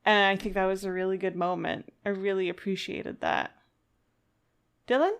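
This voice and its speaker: A woman's voice: mid-range voice, fairly even intonation, moderate pace, gravelly, clear, resonant tone. A woman co-hosting a podcast in casual chat, thoughtful and hesitant, with frequent fillers and restarts. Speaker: podcast co-host.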